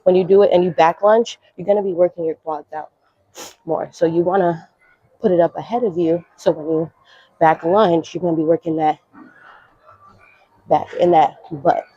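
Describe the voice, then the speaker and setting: A woman's voice: lowish voice, steady tone, normal speed, long pauses, mellow, husky, no room sound, dull audio. A young woman casually explaining her workout routine while exercising, chatty and out of breath. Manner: chatty, coaching, slangy. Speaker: fitness vlogger.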